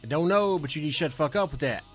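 A man streaming a game, trash-talking and swinging from low mutters to sudden yells. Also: lively intonation, racing, loud music behind the voice. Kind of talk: casual profane gaming commentary.

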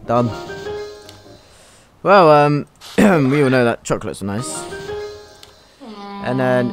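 A man's voice: medium pitch, lively intonation, slow pace, pauses often, faint music behind. A young man giving crude, swear-filled gameplay commentary as a YouTube gamer, mocking the game as he plays. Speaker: gaming YouTuber.

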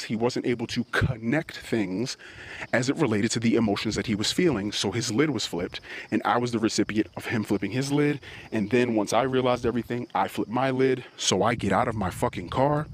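A man's voice: on the low side, noisy background. A man hosting a podcast, telling a heated story in a profane, confessional monologue. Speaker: podcast host.

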